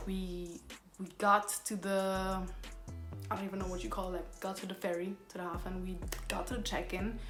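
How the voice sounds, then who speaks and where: A young woman tells a story to her vlog camera in a loose, rambling way, leaning on fillers. Her voice sits at an ordinary pitch for a woman. The room around her adds a clear echo, with faint music underneath. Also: a bit bright. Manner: rambling retelling, filler-heavy with constant "like". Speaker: vlogger. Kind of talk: casual storytime.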